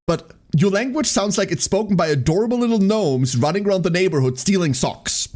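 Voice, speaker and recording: A man chatting casually on a live stream, reading and answering messages from his chat. His voice sits slightly high and swings widely in pitch. He rambles from topic to topic and often laughs. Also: animated, a little fast, a little mellow.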